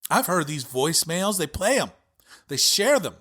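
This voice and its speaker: A man's voice: on the high side, sing-song, moderate pace, pushed and bright. A male podcast host giving an impassioned, profane political rant with heavy emphasis.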